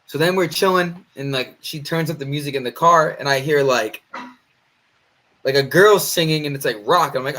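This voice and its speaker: Animated, swearing man telling a story. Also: a little high, moderate pace. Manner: animated, profane, acts out quoted voices. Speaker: podcast co-host. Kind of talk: casual storytelling among friends.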